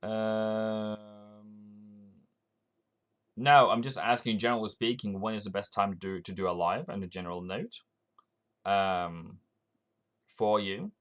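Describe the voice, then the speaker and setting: With a fairly low pitch and a fairly bright tone, this Norwegian-accented man streams forex commentary, musing out loud about the market and frequently starting his sentences over.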